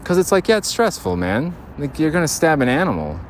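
A man's voice: a little high, big pitch swings, brisk. A man rambling through an audio diary while walking in a city park, often laughing. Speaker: podcast host. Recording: faint outdoor street noise.

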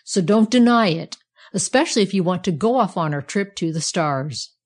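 Woman reading as a pushy little iron andiron, punchy and a bit louder, storybook. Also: fairly low pitch, animated, normal speed. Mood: teasing. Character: lively male iron andiron, the left one.

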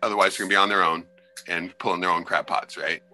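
A man, a former crab fisherman, telling wild sea stories in a loose, profane, animated way on a podcast. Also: low voice, fast talker, faint music behind. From Alaska. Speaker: podcast guest. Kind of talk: casual storytelling.

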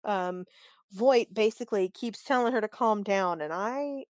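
A woman co-hosting a casual podcast, recapping a TV episode in a chatty, animated way and acting out the characters' lines. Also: medium pitch, a little slow, no echo, clean studio sound. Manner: chatty and animated, acts out quoted lines, openly annoyed. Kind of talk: casual chat.

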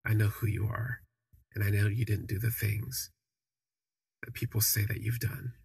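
A man voicing a stern, gruff but kind older man who speaks quietly and evenly. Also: lowish voice, level tone, moderate pace, heavily acted. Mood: earnest.

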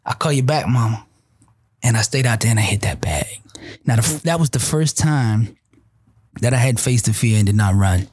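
A man, a guest motivational speaker, telling a personal story of faith in an animated, preacher-like way with lots of repetition. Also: medium pitch, fairly quick, breathy edge, no echo, clean studio sound. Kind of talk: conversational storytelling testimony.

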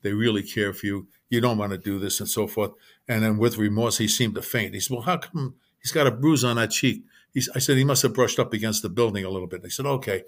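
An older man, an author, telling lively family anecdotes in a casual interview and acting out the people he quotes. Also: fairly low pitch, fast. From Brooklyn, New York. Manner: animated anecdote teller, acts out quoted voices, frequent restarts. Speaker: author guest.

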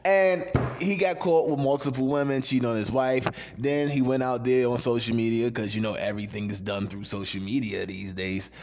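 A man ranting on a casual podcast, loud, profane and animated, laughing at his own jokes. His voice sits at an ordinary pitch. The recording sounds dull and lo-fi. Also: moderate pace, noisy background. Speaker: podcast co-host.

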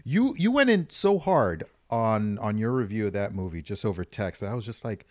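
A man's voice: lowish voice, big pitch swings, moderate pace, a little mellow, dry recording, clean studio sound. A man co-hosting a radio show in casual chat, joking and teasing. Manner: joking and teasing, laughs often. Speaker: radio co-host.

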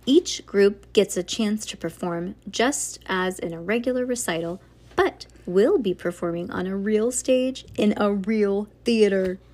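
A woman voicing a prim adult ballet teacher in a read-aloud storybook, speaking slowly and formally. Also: medium pitch, darkish tone, close to an everyday voice. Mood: announcing.

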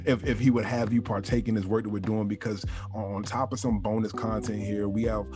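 A man's voice: lowish voice, level tone, fairly quick, a little mellow. A man hosting a podcast, making an encouraging, upbeat announcement to listeners. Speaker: podcast host. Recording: music bed behind the voice.

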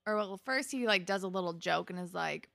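A young woman chats through a TV episode, often laughing and mimicking characters. Her mid-pitched voice has a gravelly fry, and the sound is dry and close. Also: fairly quick, fairly bright tone, no room sound. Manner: chatty, laughs often, acts out quotes. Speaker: podcast co-host. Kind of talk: casual TV recap chat.

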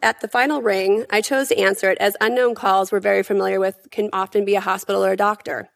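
A woman giving prepared testimony at a hearing, in an earnest, emphatic and measured way. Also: medium pitch, steady tone, creaky.

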